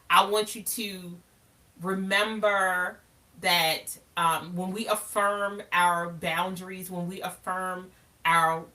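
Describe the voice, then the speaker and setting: A woman's voice: lowish voice, pushed and bright, recorded from a distance. A woman hosting a live motivational talk, speaking emphatically and animatedly, often calling her listeners baby. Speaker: live show host.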